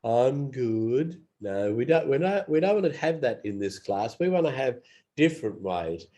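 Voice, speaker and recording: A man's voice: medium pitch, big pitch swings, darkish tone. A man teaching English phrases in a casual lesson, repeating each one aloud and not feeling well. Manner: slow and repetitive, models phrases aloud. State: unwell.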